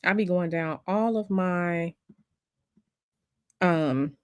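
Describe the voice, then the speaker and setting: A woman's voice: fairly low pitch, drawn-out words, darkish tone, clean tone, no room sound. A woman hosting a casual livestream, chatty and sassy, calling her viewers y'all and baby. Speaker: livestream host.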